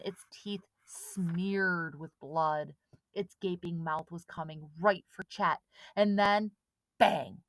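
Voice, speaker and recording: A woman reading a children's storybook aloud with steady, dramatic pacing. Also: lowish voice, dry recording. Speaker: audiobook reader. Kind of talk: storybook narration.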